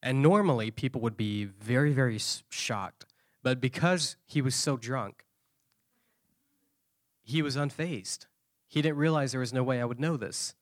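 A man preaching at a conference, telling a story with lively shifts of voice. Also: medium pitch, a little slow, no room sound, clean studio sound. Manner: animated storyteller, acting out quoted voices. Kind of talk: sermon storytelling.

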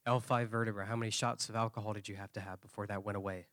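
A man preaching at a conference, telling a story with lively shifts of voice. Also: lowish voice, very fast, no room sound, clean studio sound. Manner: animated storyteller, acting out quoted voices. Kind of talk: sermon storytelling.

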